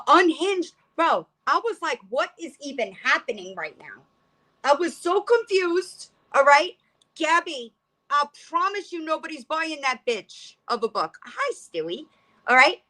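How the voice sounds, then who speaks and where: A middle-aged woman hosting a livestream rants casually, bluntly and profanely, rambling and restarting often. Her voice is high-pitched and sharp.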